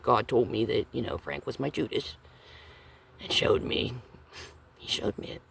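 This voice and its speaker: A woman's voice: rumbling low, a little slow, vocal fry, a little hiss or hum. A woman vlogger telling a rambling personal story in casual, profane speech, often checking in with her listeners.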